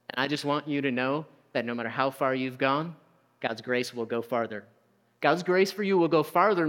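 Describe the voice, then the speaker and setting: A man's voice: a little high, a bit bright. Preaching man in a reverberant hall. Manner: conversational preaching with rhetorical questions and acted-out quotes. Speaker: pastor. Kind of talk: sermon.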